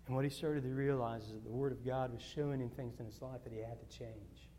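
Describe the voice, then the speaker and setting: A male pastor preaching a sermon, telling personal stories in a rambling way, repeating words and swinging from loud to hushed. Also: mid-range voice, steady tone, quick pace, a little hiss or hum.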